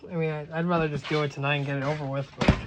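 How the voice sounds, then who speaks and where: A woman's voice: low-pitched, fairly even intonation, fast, heavy background noise. A woman chatting casually on a home livestream, rambling with exasperated asides.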